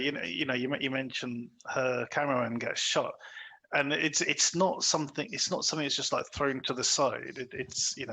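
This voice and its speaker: A man talks through a film in a casual podcast chat. His voice is bright and a little husky, and he keeps restarting sentences and filling gaps with "um" and "you know". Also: medium pitch, low-quality recording. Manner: chatty, many fillers and restarts, acts out quoted lines. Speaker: podcast co-host.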